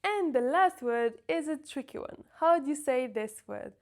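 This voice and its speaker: Woman teaching pronunciation slowly. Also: sits high, expressive. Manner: slow, careful demonstration of sounds. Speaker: French teacher. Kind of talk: pronunciation lesson.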